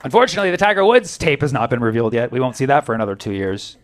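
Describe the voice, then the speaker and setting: A man's voice: medium pitch, very animated, rapid-fire, hardly any pauses, a little hiss or hum. A man doing a stand-up set, riffing with lots of swearing and acting out other people's voices. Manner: profane, riffing, acts out voices. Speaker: stand-up comedian.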